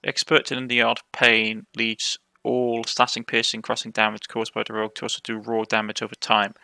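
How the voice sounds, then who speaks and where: A man's voice: on the low side, monotone, normal speed, creaky, sharp tone, clear, resonant tone, dry recording. A man with a Cornish accent playing a game, reading its text aloud and commenting as he goes, often stumbling and correcting himself. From Cornwall, England. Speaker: let's play host.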